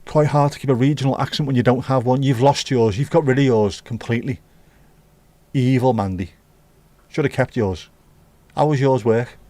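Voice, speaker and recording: A man hosting a relaxed livestream, musing aloud and chatting directly to his viewers in a rambling, easygoing way. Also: medium pitch, normal speed, no room sound. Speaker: livestream host. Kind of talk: casual chat with live viewers.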